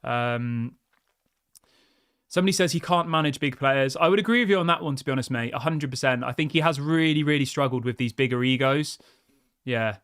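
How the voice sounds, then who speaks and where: A man's voice: mid-range voice, a little fast, a bit bright, smooth, no room sound. Frustrated man ranting, dry sound. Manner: frustrated, blunt and conversational, often saying "mate". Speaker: football channel host. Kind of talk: live-stream commentary reading viewer comments.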